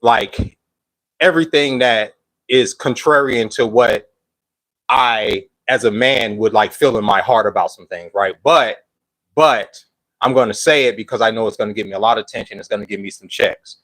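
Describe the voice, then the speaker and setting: A man's voice: lowish voice, normal speed, a bit bright, no room sound, rough recording. A man hosting a live stream, out of breath with a phlegmy throat, chatting loosely and greeting viewers. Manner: loose, rambling talk with slang and restarts. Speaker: livestream host. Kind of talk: casual live-stream chat.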